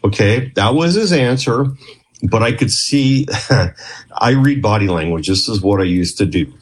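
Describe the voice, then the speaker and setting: Husky-voiced man telling stories. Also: fairly low pitch, lively intonation, measured pace. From Canada. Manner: rambling, chatty, with frequent restarts and acted quotes. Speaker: guest, former clinician who worked with police. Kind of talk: storytelling interview.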